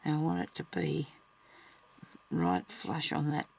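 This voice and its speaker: A woman's voice: low voice, big pitch swings, measured pace, creaky, darkish tone, breathy edge. A woman talking along casually as she works on embroidery, muttering to herself and chatting to her viewers. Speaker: crafter narrating her embroidery work. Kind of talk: casual talk-along crafting vlog.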